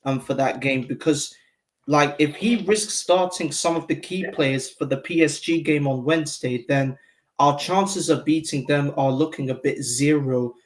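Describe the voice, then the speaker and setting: Speaking at a moderate pace in a fairly high voice, this man is a regular guest on a fan show. He gives frank opinions in casual chat, rambling along and saying "like" constantly.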